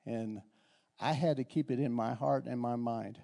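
A man's voice: mid-range voice, steady tone, moderate pace, creaky, dark tone. A middle-aged man preaching a conversational sermon in a church, often repeating and restarting his words. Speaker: pastor.

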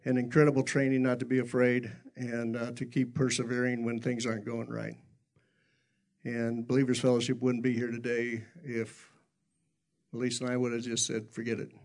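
Middle-aged male pastor, gravelly voice, folksy self-deprecating sermon storyteller, mid pitch. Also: completely flat delivery, normal speed, a little mellow.

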